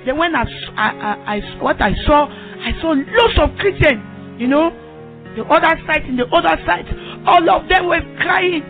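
A woman's voice: high voice, animated, normal speed. A woman giving an emotional religious testimony, pleading and repeating herself, at times tearful. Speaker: testifying believer. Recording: tinny phone line with faint music.

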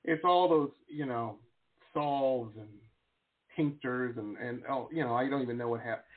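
A man in his forties hosting an interview, rambling and excitable with lots of fillers and restarts, on a video call. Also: mid-range voice, a little slow. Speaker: show host. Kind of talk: casual interview chat. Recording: tinny phone-like line.

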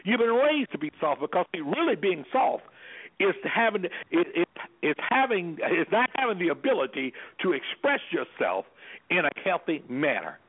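Guy on a call-in show, husky kinda high voice, tinny phone sound, preachy and emphatic. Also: very animated, normal speed. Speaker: anger management specialist, radio guest. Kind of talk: impassioned call-in radio talk. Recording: phone-line audio.

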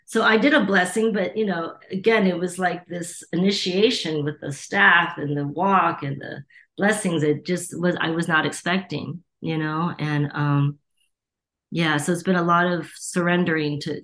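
A woman's voice: low voice, steady tone, normal speed, a bit bright. A middle-aged woman from the United States, a Reiki teacher, telling stories in an interview and acting out the voices of people she quotes. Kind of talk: storytelling interview.

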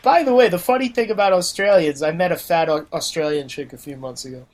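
A man from New Jersey hosting a podcast, chatting casually and telling blunt, profane stories with animated quoted voices. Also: fairly high pitch, fast talker. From New Jersey, USA. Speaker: podcast host. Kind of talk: casual chat.

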